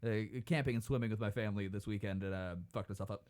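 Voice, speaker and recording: A man's voice: lowish voice, fast, smooth. A man co-hosting a comedy podcast, chatting casually with lots of swearing and laughter. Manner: swearing, laughing, lively banter. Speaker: podcast co-host.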